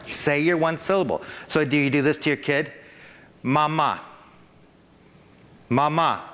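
A man preaching a sermon to a congregation, animated, with a rising pitch whenever he acts out an excited parent. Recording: long hall reverb.

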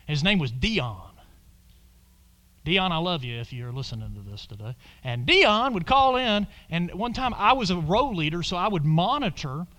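A pastor with a slightly high voice preaches a sermon, swinging between loud exclamations and hushed whispers. He calls on the congregation to repeat lines back to him.

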